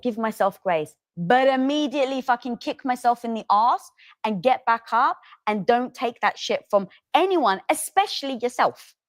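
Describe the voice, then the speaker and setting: A woman hosting an interview, telling stories in an animated, emphatic way and swearing for emphasis. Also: a little high, normal speed, no echo, studio quality. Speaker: podcast host. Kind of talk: interview conversation.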